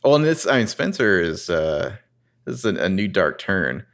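A man's voice: low-pitched, very animated, normal speed, a bit bright. A man hosting a podcast, recapping a TV episode in a casual, rambling way with crude humor. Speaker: podcast host.

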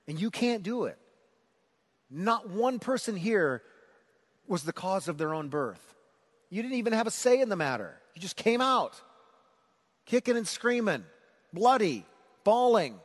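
Male pastor, lively emphatic sermon delivery, slightly high voice, reverberant hall. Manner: animated, builds to emphatic preaching.

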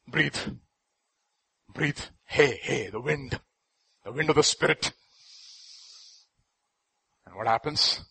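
Impassioned, husky high-voiced male preacher. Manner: dramatic, swings from quiet asides to loud, high-pitched pleading; slows down sharply to stress key lines. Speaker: pastor. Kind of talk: sermon.

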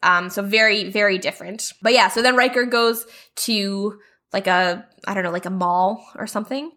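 Speaking at a moderate pace, this woman has a medium-pitched, steady, slightly bright voice. She's a podcast co-host chatting casually about a TV episode, full of fillers and laughs.

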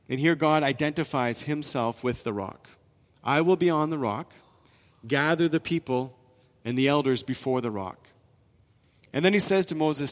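A man preaching a sermon, with emphatic rises and soft drops in his delivery. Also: a little high, normal speed. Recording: long reverb in a large hall.

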